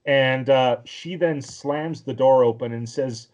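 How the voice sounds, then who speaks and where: A man's voice: mid-range voice, slow pace, a little mellow, lo-fi sound. A man co-hosting a podcast, recapping a cartoon episode in casual chat that rambles with lots of filler words. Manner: rambling, with many fillers and restarts. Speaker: podcast co-host.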